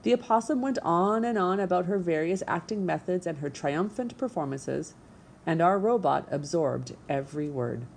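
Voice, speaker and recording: A woman narrating a children's storybook in an expressive, measured way. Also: on the low side, creaky, slight background noise. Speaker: audiobook narrator.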